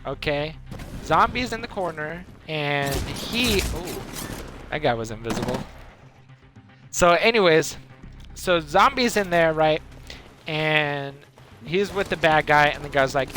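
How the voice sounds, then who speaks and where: A gaming streamer rambles through a made-up story while playing, animatedly jumping between voices and laughing. His voice is fairly high and slow with long pauses, heard over music, with game gunfire noise in the background.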